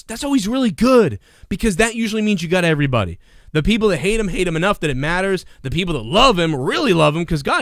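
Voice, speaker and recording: A man reviewing a wrestling show on a livestream, rambling and swearing in casual, excitable talk. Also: high-pitched, no echo, studio quality. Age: adult parent. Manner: profane, rambling, excitable, acts out bits in quotes.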